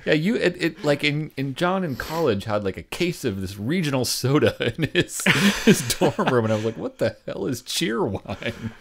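A man co-hosting a podcast in a casual, animated way, laughing often and throwing in jokey asides. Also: medium pitch, normal speed, hardly any pauses. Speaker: podcast co-host. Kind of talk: casual chat.

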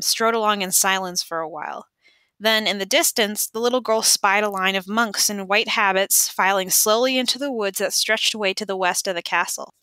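Amateur woman audiobook reader, bright, dry sound, occasional stumbles. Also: medium pitch, clear, resonant tone, no echo. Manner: plain reading with occasional stumbles. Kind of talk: audiobook narration.

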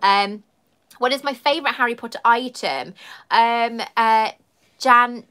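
English woman rambling on a home livestream, slightly high bright voice, southern accent. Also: measured pace, clean tone. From London area, England. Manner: chatty, rambling, reads viewer comments aloud. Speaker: livestream host. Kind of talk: casual live-stream chat.

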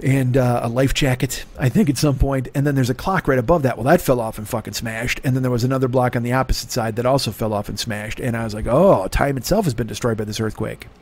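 A man's voice: mid-range voice, fairly even intonation, quick pace, hardly any pauses, a little mellow. Man ranting through a comic monologue. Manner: rambling storytelling with sudden swearing outbursts. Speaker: podcast host. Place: home desk.

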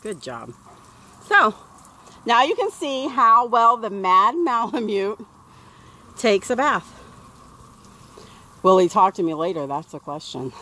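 A woman's voice: mid-range voice, very animated, takes it slowly, pauses often, bright, forceful tone. A woman chatting casually to her viewers while bathing her dog outdoors, coaxing him in a sing-song voice. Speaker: dog owner vlogger. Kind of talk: casual vlog narration. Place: outdoors by a pool.

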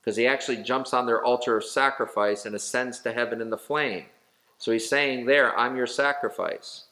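A male pastor leading a Bible study, talking through scripture in a conversational way, with fillers and self-corrections, and slowing down to stress key phrases. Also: mid-range voice, steady tone, sharp tone.

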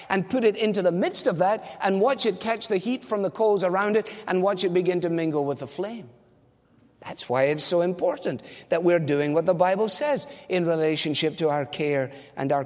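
High-voiced man preaching in a reverberant hall. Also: a little mellow. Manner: earnest preaching with rhetorical questions. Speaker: pastor. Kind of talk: sermon.

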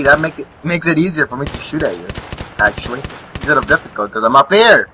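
A man's voice: on the high side, animated, quick pace, pushed and bright, a little hiss or hum, low-quality recording. A young man giving live gameplay commentary, rambling, swearing and chuckling at enemies, with game gunfire behind him. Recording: faint gunfire and vehicles behind. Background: game gunfire and explosions.

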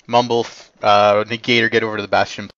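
A man commanding players in an online game, giving brisk radio-style orders over a dull lo-fi voice chat. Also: on the low side, level tone, fairly bright tone. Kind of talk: game voice comms.

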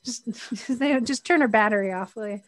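Frank, reflective woman, fairly high voice. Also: fairly quick, dry recording. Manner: reflective, frank, speaks in restarts. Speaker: interview guest. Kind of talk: candid personal interview.

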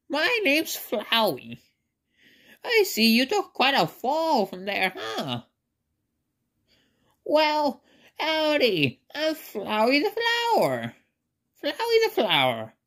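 A man doing an impression of a sly flower creature from a game, in a high squeaky voice with a bit of a cowboy drawl. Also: wildly swooping pitch, slow, long pauses, a bit bright, heavily acted. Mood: sweet, friendly. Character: sly chirpy flower creature turning vicious.

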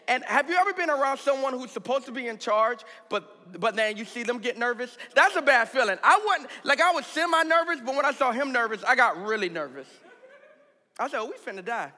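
A man pastor telling a candid, comic story in a sermon, animated and laughing along. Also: extremely high pitch. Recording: reverberant hall sound.

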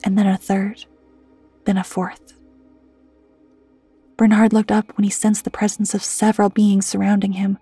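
A woman reading a scripted horror story in a hushed voice that keeps slipping into whispers. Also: medium pitch, monotone, normal speed, creaky, pauses often, breathy edge. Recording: dry close mic with soft music underneath.

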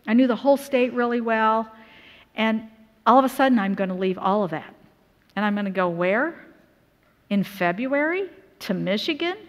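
A middle-aged woman from Utah giving a personal testimony sermon at a conference, telling her story earnestly with lively quoted asides. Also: on the high side. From Utah, USA. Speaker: conference speaker. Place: church conference hall. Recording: reverberant hall.

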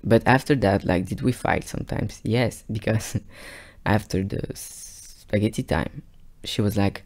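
Halting low-voiced young man. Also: a little mellow. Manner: halting and emotional, often dropping to a whisper. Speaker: vlogger. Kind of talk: confessional storytime monologue.

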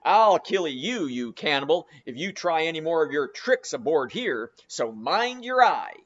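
A man's voice: a little high, sing-song, normal speed, lo-fi sound. Man doing a barking gaunt sea captain. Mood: threatening. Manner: loud, barking, scolding. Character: gaunt, gruff old sea captain, quick to anger.

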